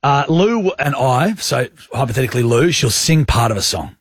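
Aussie radio guy, husky voice, dry close studio mic, acts out his own quotes. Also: medium pitch, moderate pace, no room sound. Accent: Australian. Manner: animated storyteller acting out his own quotes. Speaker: radio host. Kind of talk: casual radio banter, storytelling.

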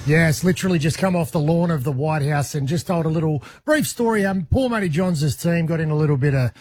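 An Australian man co-hosting a radio show, telling an animated story in casual banter. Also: on the high side, fairly quick, husky, no room sound.

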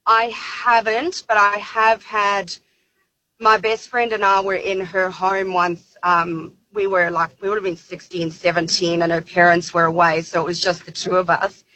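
Aussie woman calling in, chatty story, lots of ums, bright voice. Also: lowish voice, little pitch movement, moderate pace, dry recording, muffled recording. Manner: chatty, with many fillers. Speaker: caller. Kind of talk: telling a personal story on radio.

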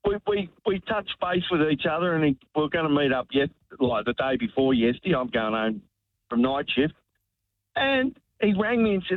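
On a tinny, echo-free phone line, an Australian caller to a talkback radio program rambles through a heartfelt, emotional story, repeating words as he goes. His voice sits a little high and sounds animated, at a moderate pace.

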